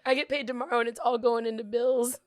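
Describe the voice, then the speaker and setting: A woman's voice: a little high, fairly even intonation, quick pace, dry recording. A woman co-hosting a podcast, tossing in dry, agreeable remarks during casual chat. Her voice is recorded close and dry, with no room sound. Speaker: podcast co-host.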